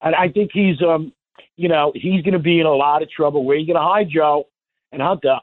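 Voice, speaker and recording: A man's voice: on the high side, steady tone, fairly quick, no room sound. A man calling in to talk radio, rambling in a folksy, indignant way with many fillers. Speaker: caller. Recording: tinny dry phone line.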